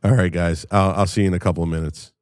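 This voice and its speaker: A low-pitched man hosting a live stream, talking off the cuff into a streaming mic. His delivery is loose and rambling, full of swearing. The sound is dry and close, with no room around it. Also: steady tone, rapid-fire, a little mellow, clean tone, no room sound. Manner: loose, rambling and profane storytelling. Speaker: livestream host. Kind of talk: casual chat to a live stream audience. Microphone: streaming microphone.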